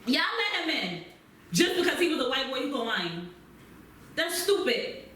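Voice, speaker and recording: A woman's voice: high-pitched, very animated, fast, fairly bright tone, a little hiss or hum. Emphatic woman, echoey far-off room. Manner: emphatic, blunt, repeats points for stress. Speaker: podcast co-host. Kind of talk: casual chat.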